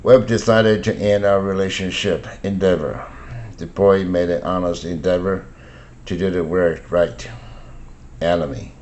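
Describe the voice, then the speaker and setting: Older man slowly reading English word lists. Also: deep voice, fairly even intonation, darkish tone. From Taiwan. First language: Mandarin. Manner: slow, deliberate word-by-word reading. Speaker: English pronunciation teacher. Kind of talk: reading vocabulary words and example sentences.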